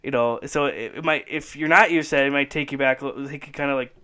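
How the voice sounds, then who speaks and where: A man's voice: medium pitch, steady tone, fast, bright, forceful tone, clean tone. A man hosting a casual podcast chat, rambling enthusiastically and laughing often. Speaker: podcast host.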